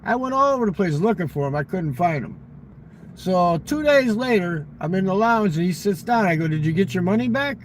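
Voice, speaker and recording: Profane high-voiced man telling casino stories. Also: a little fast, slight background noise, poor audio. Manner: profane, animated, acts out quoted exchanges. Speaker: casino regular telling a story. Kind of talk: casual storytelling.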